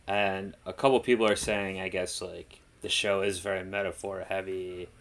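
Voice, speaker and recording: A man's voice: sits low, flat delivery, moderate pace, fairly bright tone. A man co-hosting a reaction show, chatting casually in a rambling, laid-back way with lots of fillers. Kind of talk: casual chat.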